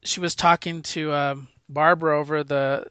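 A man's voice: a little high, level tone, moderate pace, pushed and bright, clean tone, no room sound. A man casually recapping a comic book issue, rambling with fillers and acting out quoted lines. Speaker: comic podcast co-host.

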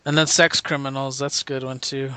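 A man's voice: mid-range voice, level tone, a little fast, sharp tone, smooth, dry recording. Enthusiastic man chatting casually. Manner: enthusiastic, laughs often, restarts sentences. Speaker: podcast co-host. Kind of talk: casual chat.

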